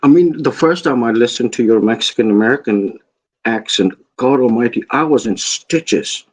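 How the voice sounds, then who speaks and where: A man's voice: mid-range voice, moderate pace, rough recording. A man from England with an English accent, chatting casually and telling stories, often repeating words as he starts a sentence. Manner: storytelling, repeats his words when starting. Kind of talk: casual chat.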